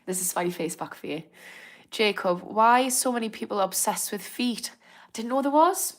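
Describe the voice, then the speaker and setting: Here a young Northern English woman runs a live stream, reading viewers' comments and chatting in a relaxed way. Her medium-pitched voice has a fairly bright tone. She laughs readily and sounds encouraging, often apologizing.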